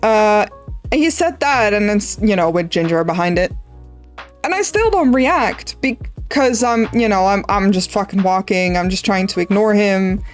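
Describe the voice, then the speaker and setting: A woman's voice: medium pitch, lively intonation, a little slow, faint music behind. A young woman streamer from the Netherlands, casually rambling through a story while drawing, swearing freely. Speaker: art streamer.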